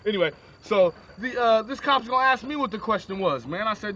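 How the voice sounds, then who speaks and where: A man's voice: high-pitched, brisk, few pauses, slight background noise. A young man telling a rambling, crude shaggy-dog story with lots of asides, on a lo-fi phone recording. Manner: animated, crude, digressive.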